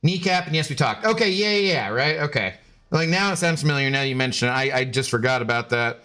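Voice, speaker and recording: A man's voice: mid-range voice, lively intonation, fast, bright, forceful tone. A man streaming live, chatting casually with viewers in a rambling way and slipping into sing-song baby talk with his dog.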